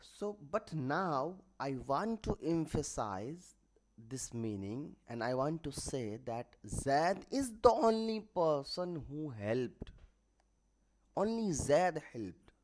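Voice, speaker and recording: A man teaching a grammar lesson online, explaining terms step by step and often pausing to correct himself. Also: on the high side, big pitch swings, darkish tone. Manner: halting, with restarts and self-corrections; writes examples while explaining.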